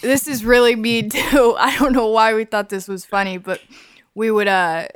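A woman's voice: moderate pace, smooth, no room sound. A young woman in casual podcast chat, telling a story with lots of filler words. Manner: animated storyteller, acts out high-pitched voices in her stories. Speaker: podcast guest.

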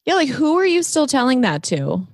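A woman's voice: sits high, very animated, normal speed, no room sound, clean studio sound. A woman co-hosting a podcast in casual chat, frank and profane, teasing her friend. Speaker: podcast co-host.

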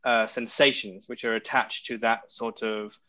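A man hosting a podcast, asking probing questions in a halting way with many restarts. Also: fairly low pitch, little pitch movement, sharp tone. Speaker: podcast host. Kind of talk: podcast interview. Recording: dull lo-fi sound.

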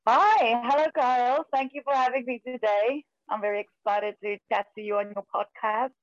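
A South African woman speaks with an accent that blends South African and American, chatting casually as a podcast guest and laughing easily. Her voice is slightly high with fairly level intonation and a normal pace, recorded with no room sound and the high frequencies cut off.

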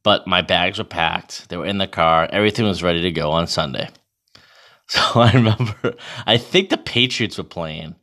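A man in his thirties telling a casual, profane, animated story about himself. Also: low-pitched, moderate pace. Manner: profane, animated, self-mocking.

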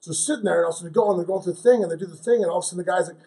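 A man's voice: sits high, rapid-fire, dark tone, recorded from a distance. A man co-hosting a podcast, telling a rambling story full of fillers and restarts. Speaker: podcast co-host. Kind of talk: casual podcast chat.

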